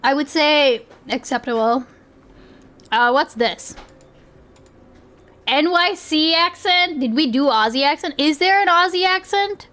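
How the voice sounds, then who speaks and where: A woman's voice: high-pitched, expressive, a little slow, pauses often, a bit bright. A woman streamer chatting casually as she reacts to clips, thinking aloud and swearing freely.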